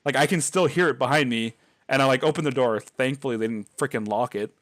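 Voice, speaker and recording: A man's voice: mid-range voice, fast talker, a bit bright, no echo, studio quality. A man hosting a podcast, telling a scary childhood story in a rambling, casual way, full of fillers and laughs. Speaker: podcast host.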